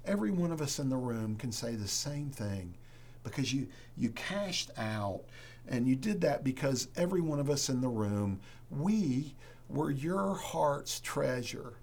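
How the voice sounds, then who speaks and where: A man preaching a sermon as a pastor to a church congregation, earnest and emphatic, with dramatic pauses, then leading a prayer. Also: mid-range voice, big pitch swings, darkish tone.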